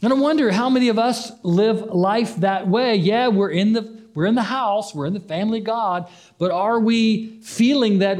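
Higher-voiced man preaching conversationally. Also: normal speed, few pauses, darkish tone. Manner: conversational preaching, acts out the story's dialogue; repetitive, emphatic phrasing. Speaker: pastor. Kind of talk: sermon.

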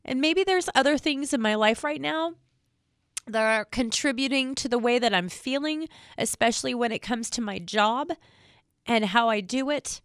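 A woman in public safety speaking straight to viewers, emotional and near tears, earnest and halting, repeating words as she talks. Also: a little high, smooth, no echo, clean studio sound. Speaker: state trooper spokesperson. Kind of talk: emotional direct-to-camera talk.

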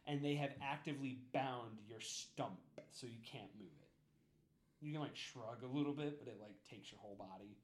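A man's voice: mid-range voice, fairly quick, few pauses, echoey room, a little hiss or hum. A man narrating as game master in a loose, rambling way. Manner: rambling, many "like" fillers, laughing.

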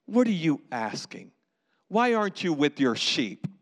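A man's voice: fairly high pitch, big pitch swings, a little slow, voice pushed down, exaggerated voice. A man preacher voicing an irritated, jealous older brother who scolds sharply. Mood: exasperated.

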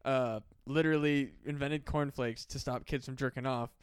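A man on a casual comedy podcast, telling stories in a profane, animated way. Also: medium pitch, normal speed, clear, resonant tone, no room sound. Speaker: podcast co-host.

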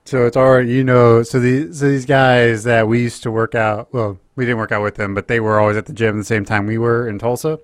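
A man co-hosting a podcast in casual chat, speaking in a relaxed, hesitant way with many restarts. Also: medium pitch, fairly quick, hardly any pauses, no echo, clean studio sound. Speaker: podcast co-host.

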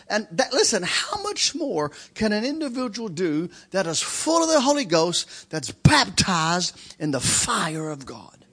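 A man preaching a sermon in a church, telling stories with animated delivery. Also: high-pitched, a little slow, few pauses, husky. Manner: animated, acts out shouting in stories. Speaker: guest preacher. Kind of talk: sermon with storytelling. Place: church sanctuary.

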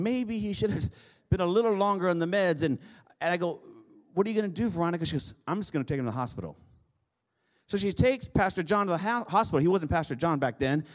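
Male pastor, high voice, chatty storytelling sermon with playful asides. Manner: conversational storytelling, repeats and restarts phrases; humorous asides to the congregation.

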